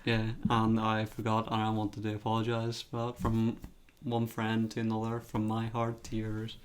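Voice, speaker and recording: A man's voice: lowish voice, monotone, normal speed, smooth. A young man co-hosting a podcast, teasing his friend and laughing often in casual chat. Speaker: podcast co-host.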